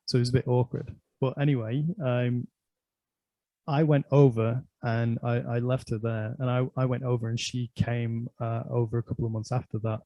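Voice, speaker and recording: Middle-aged guy with a gravelly, mellow voice, telling a story, lots of "like" and little laughs. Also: mid-range voice, level tone, normal speed, dry recording, lo-fi sound. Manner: rambling, laughs often, fills with "like" and "um". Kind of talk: casual anecdote telling.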